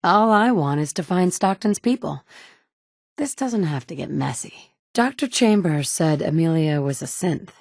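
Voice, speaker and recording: A wry, steady survivor. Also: female voice, fairly low pitch, unhurried, creaky, no room sound, clean studio sound, heavily acted. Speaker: player character. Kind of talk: game dialogue lines.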